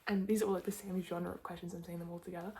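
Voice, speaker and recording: Soft-spoken young Australian woman, whispered ASMR. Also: fairly low pitch, level tone, rapid-fire, background noise. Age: 20s. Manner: rambling, chatty, many "like" fillers. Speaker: ASMR creator. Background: tapping clicks.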